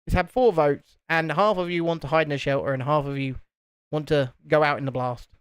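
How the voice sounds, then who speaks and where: A man's voice: a little high, fairly quick, clean tone, dry recording, studio quality. A man chatting casually and joking as co-host of a live stream. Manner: joking, rambling. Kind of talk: casual chat.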